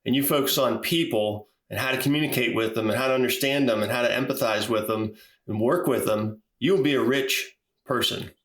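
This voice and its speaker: A male business coach talks on a podcast in a relaxed, storytelling way, often saying "you know". His voice has a roomy echo around it. His pitch sits in the middle range for a man. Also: fairly quick. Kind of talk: casual podcast conversation.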